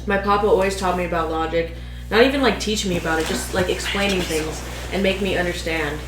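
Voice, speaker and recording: A woman's voice: fairly low pitch, fast talker. A young woman co-hosting a podcast, chatting casually and filling her speech with "like.". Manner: laid-back, says "like" and "you know" often. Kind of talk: casual chat. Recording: echoey room with clear background noise.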